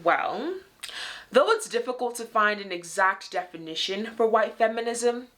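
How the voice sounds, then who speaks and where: A woman's voice: a little high, expressive, unhurried, a bit bright. A young woman hosting her own show, speaking straight to viewers in an emphatic, fed-up commentary full of pointed rhetorical questions. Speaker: host of her own video series. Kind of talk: direct-to-camera commentary.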